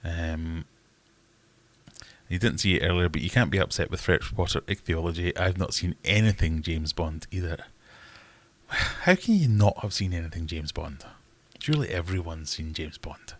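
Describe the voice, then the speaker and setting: A man's voice: low voice, lively intonation, moderate pace. A man hosting a casual livestream, answering chat in a rambling, wry, self-mocking way. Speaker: livestream host reading chat.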